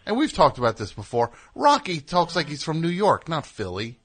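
A man's voice: a little high, wildly swooping pitch, fairly bright tone, slightly rough. A man hosting a call-in radio show, talkative and jokey, riffing with a caller. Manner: talkative, jokey, riffs and does quick voices. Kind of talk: casual call-in chat.

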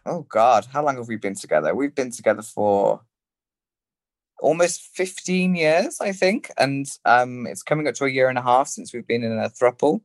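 A camp, theatrical man with an English Midlands accent chats as a podcast guest, in his thirties by the sound. His voice sits at a middle pitch, and the recording is dry and close. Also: animated, normal speed, no room sound. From England. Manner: camp and theatrical, calls people darling. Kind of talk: casual chat.

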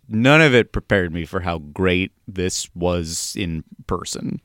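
Man, podcast co-host, low voice, smooth, enthusiastic rambling, dry studio mic. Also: expressive, takes it slowly, hardly any pauses, a bit bright, no room sound. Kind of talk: casual podcast chat.

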